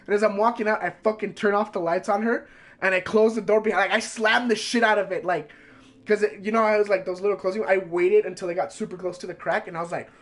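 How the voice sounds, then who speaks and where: A man streamer telling a story in a casual, animated way, swearing constantly and packing his lines with fillers. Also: sits high, quick pace.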